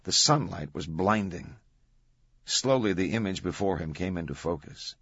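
A man narrating an audiobook in a measured, even storytelling manner. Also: deep voice, slightly rough, no echo. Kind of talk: scripted narration. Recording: dull dry audiobook recording.

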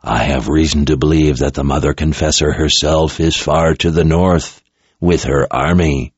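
A man doing a deep, gravelly, menacing emperor. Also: fairly even intonation, no room sound. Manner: slow, threatening, enraged at times. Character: menacing male emperor speaking through a possessed young soldier. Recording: dull lo-fi recording.

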